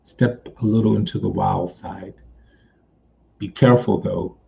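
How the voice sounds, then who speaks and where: A man reading cards for viewers in a casual live stream, talking slowly with many pauses. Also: on the low side, fairly even intonation, gravelly, warm tone. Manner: slow, drawn-out delivery with frequent pauses. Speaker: psychic medium doing card readings. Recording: dull lo-fi sound with faint noise.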